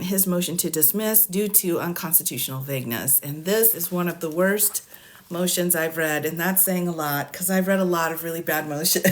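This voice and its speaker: Laughing, exasperated woman lawyer livestreaming. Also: fairly low pitch. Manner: laughs often, exasperated and amused. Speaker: attorney giving legal case updates. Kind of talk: casual livestream commentary.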